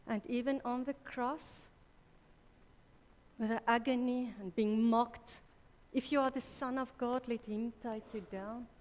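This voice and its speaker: A woman preaching a sermon at a church women's conference, slow and deliberate, correcting herself mid-sentence. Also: a little high, fairly even intonation, a little mellow. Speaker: conference speaker. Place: church hall. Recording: reverberant church hall.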